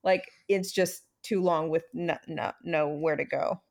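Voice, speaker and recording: A woman's voice: low voice, steady tone, a little slow, vocal fry, a little mellow. A woman co-hosting a podcast in casual chat, blunt and sarcastic, swearing freely. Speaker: podcast co-host.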